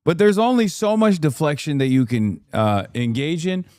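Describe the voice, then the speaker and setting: A man from the United States hosts a livestream, reacting to the news with an offhand, sarcastic edge. His voice is smooth and clean, recorded close and dry with no room sound. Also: on the high side, lively intonation, moderate pace, a little mellow, dry recording. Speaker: livestream host and political commentator. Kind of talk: casual livestream commentary.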